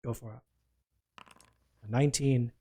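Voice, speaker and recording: Brisk man running a tabletop game. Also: medium pitch, steady tone, warm tone. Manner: brisk, calls for dice rolls and narrates results. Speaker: game master.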